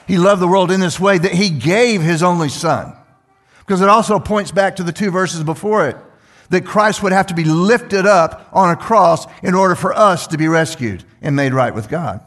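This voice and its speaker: A man's voice: high-pitched, fairly bright tone. An older man preaching a sermon as pastor, talking conversationally and asking the congregation questions. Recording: long hall reverb with faint music.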